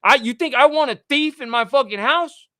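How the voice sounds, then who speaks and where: A man with a very high voice talks at a normal speed, his tone pushed and bright, recorded cleanly in a studio with no echo. He's hosting a livestream, reading text messages aloud and ranting indignantly, swearing often, in a casual rant.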